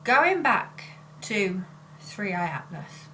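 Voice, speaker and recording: A woman's voice: mid-range voice, sing-song, slow, sharp tone, slight background noise. A woman, chatting casually on her vlog in a rambling way, often breaking off to correct herself. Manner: rambling and self-interrupting. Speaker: spiritual channeler and vlogger. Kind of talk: casual chat.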